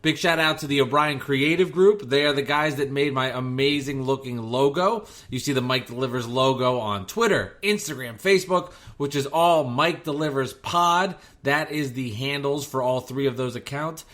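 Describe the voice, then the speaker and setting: A man in his 30s hosts a casual podcast from his home garage, chatting and reading ads himself. His medium-pitched, slightly bright voice moves at a moderate pace with few pauses, and he's jokey and self-deprecating.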